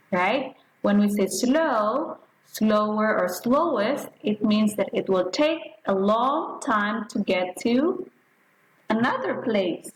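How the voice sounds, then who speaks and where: Slow, deliberate woman teaching young pupils. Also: medium pitch, reverberant, slight background noise, low-quality recording. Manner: slow, deliberate teacher talk, often checking with "right?". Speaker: primary school science teacher. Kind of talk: online class lesson to young pupils.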